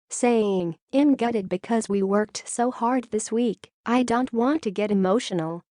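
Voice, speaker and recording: A woman reads a celebrity news story in a steady, scripted way. Her voice sits a little high yet sounds mellow and soft-edged. The recording is close and dry, with no room sound. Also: dry recording. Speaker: news narrator.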